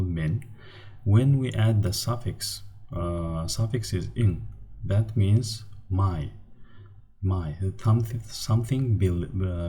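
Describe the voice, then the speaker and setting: A man with a Turkmen accent gives a slide-based grammar lesson in a low, unhurried voice. His tone is mellow and dark. He pauses often, fills gaps with small hesitations, and breaks words into syllables carefully. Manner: hesitant, many fillers and restarts, spells out syllables slowly. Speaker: language teacher.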